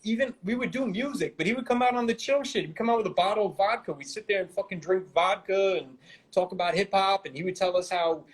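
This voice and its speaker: Brooklyn-raised man, slightly high voice, loose and profane, spinning stories as an interview guest. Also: fast, slightly rough, poor audio. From Brooklyn, New York. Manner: rambling, heavy swearing, laid-back street slang. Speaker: guest rapper. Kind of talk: casual interview storytelling.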